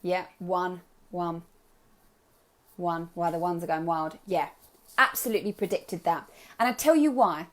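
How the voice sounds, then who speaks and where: A woman's voice: on the low side, unhurried, long pauses. A young adult woman coaching a live group on self-love, upbeat and chatty, encouraging her listeners and slipping into playful voices.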